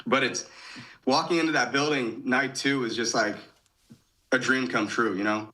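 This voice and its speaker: A man's voice: medium pitch, steady tone, normal speed, bright, forceful tone, low-quality recording. A man in his thirties from Michigan, a podcast guest casually retelling events and often quoting his own thoughts. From Michigan, USA. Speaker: podcast guest, former gymnast. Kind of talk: casual storytelling.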